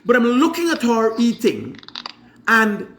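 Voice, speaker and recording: A man's voice: very high voice, wildly swooping pitch, measured pace, crowd noise. A Guyanese man hosting a live morning show, telling stories animatedly and imitating his mother. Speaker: show host. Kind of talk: casual storytelling monologue.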